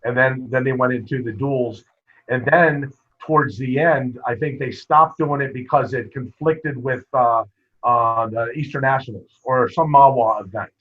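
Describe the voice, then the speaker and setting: A man, a wrestling coach, telling stories in a casual interview, lively and full of quoted dialogue. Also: medium pitch, unhurried, husky. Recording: muffled lo-fi podcast audio.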